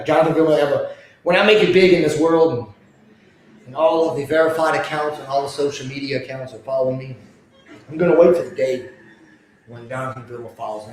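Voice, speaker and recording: A hoarse man calling plays as an excited fan on a livestream, often yelling hype and rambling between plays, at home indoors. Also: mid-range voice, a little fast, soft background music. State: hoarse, losing his voice. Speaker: livestream host. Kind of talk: excited fan play-by-play commentary. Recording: very echoey room.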